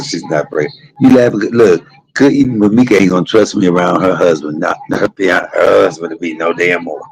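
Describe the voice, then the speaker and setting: A man's voice: low-pitched, a little fast, poor audio. A middle-aged man, telling candid, salty stories to a live stream audience. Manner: candid, salty, gossipy with animated quoted voices. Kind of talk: casual storytelling to a live audience.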